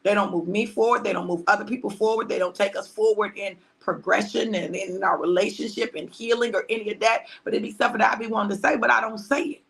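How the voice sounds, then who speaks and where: A woman pastor, preaching on a livestream with a bright, gravelly voice. She talks conversationally and repeats phrases for emphasis. Now and then she drops to hushed tones. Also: mid-range voice, fairly even intonation, quick pace, hardly any pauses.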